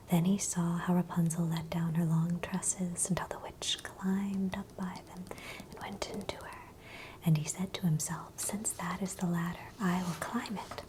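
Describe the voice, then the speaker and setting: A woman telling a fairy tale as a slow, unvoiced whisper in a whispered role-play for sleep. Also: fairly low pitch, a little mellow. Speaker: ASMR storyteller.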